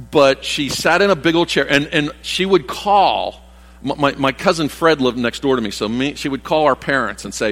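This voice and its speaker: A man's voice: fairly high pitch, a bit bright. Folksy older man preaching in a hall. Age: 60s. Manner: rambling, folksy, many restarts and asides. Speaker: pastor. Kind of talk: conversational sermon. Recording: long reverb of a church hall.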